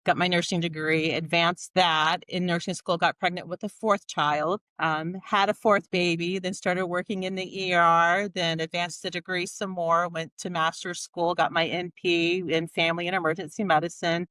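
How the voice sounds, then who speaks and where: A woman's voice: fairly low pitch, little pitch movement, normal speed, few pauses, a bit bright, smooth, no room sound. A woman in her forties, a nurse practitioner guest on a podcast, telling her story candidly and acting out the dialogue. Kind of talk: casual interview storytelling.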